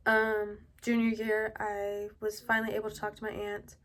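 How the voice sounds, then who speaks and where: A young adult woman at home tells a personal story in a halting, casual way, full of fillers. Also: mid-range voice, completely flat delivery, fairly bright tone. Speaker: vlogger. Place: at home indoors.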